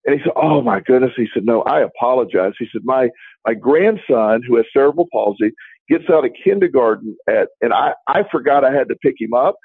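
A man's voice: medium pitch, expressive, brisk, husky, dry recording. A man co-hosting a talk show, telling a long story in a casual, rambling way, with many restarts and quoted dialogue. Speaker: podcast co-host. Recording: dry, tinny phone-like line.

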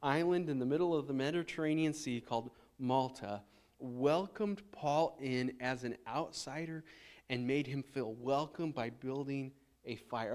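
A man in his thirties, a pastor, preaching a sermon in a casual, conversational way with frequent restarts and fillers. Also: medium pitch. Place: church sanctuary.

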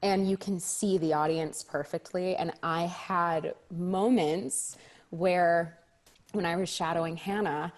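A young adult woman, a stage actress guest in a casual interview chat, telling animated stories and acting out children's reactions. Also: lowish voice, slow. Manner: animated storyteller, acts out kids' reactions.

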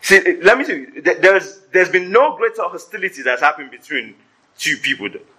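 A pastor preaching a sermon to his congregation, animated and joking in asides. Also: high-pitched, moderate pace, slightly rough, low-quality recording. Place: church service before a congregation.

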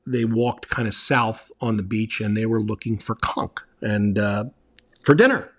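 A man's voice: on the low side, measured pace. A middle-aged man telling casual, rambling travel stories as host, with lots of fillers and restarts.

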